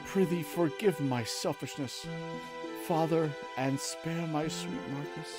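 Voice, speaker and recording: Lovesick princess all high and swoony , a guy doing the voice, old stage-play talk, music behind. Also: slow. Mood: pleading. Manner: theatrical old-fashioned stage speech. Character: lovesick young princess, pleading and tender. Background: game music.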